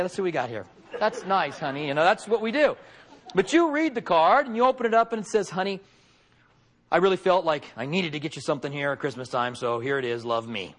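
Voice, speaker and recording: A middle-aged man preaching in a high voice. He keeps it conversational and folksy, with joking asides to his listeners. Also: a bit bright. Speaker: pastor. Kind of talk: conversational sermon.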